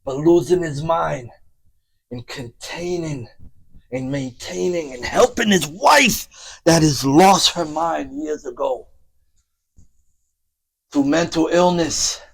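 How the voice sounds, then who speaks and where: A man narrating his own story dramatically, in a slow, theatrical way that dips into whispers and chuckles. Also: a little high, expressive, vocal fry, breathy edge.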